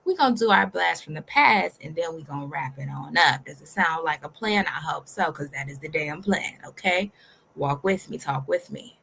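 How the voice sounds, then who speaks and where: A woman's voice: sits low, animated, normal speed, creaky, fairly bright tone, slightly rough. A woman hosting a reaction video, giving casual, sassy and profane commentary while teasing her viewers.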